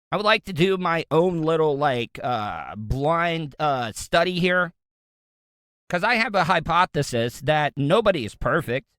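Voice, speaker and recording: Solo show host: man, rambling and jokey, fairly high voice, dry close sound. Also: fairly bright tone, no room sound. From Florida, USA. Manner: rambling, joking, conversational. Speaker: podcast host. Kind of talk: casual solo monologue.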